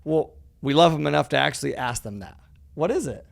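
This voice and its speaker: A man's voice: fairly high pitch, brisk, vocal fry. A man talking casually on a podcast, acting out conversations, saying "dude" often and swearing freely. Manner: animated storyteller, says "dude" often, acts out dialogue. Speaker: podcast guest, real estate educator.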